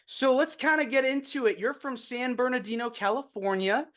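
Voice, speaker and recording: A man's voice: very high-pitched, moderate pace, a bit bright. A man hosting an interview podcast, asking questions and affirming the guest's answers. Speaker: podcast host.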